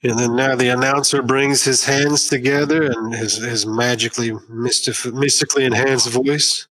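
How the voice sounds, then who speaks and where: A man's voice: mid-range voice, fairly even intonation, unhurried, a bit bright, rough recording. A man running an online tabletop game as game master, casual and swearing now and then as he handles the dice rolls. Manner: casual, swears, narrates in bursts.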